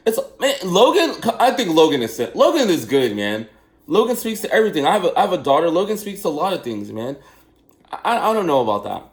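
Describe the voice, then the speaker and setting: A man chatting casually and telling rambling personal stories, often laughing and saying man and bro. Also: a little high. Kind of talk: casual storytelling chat.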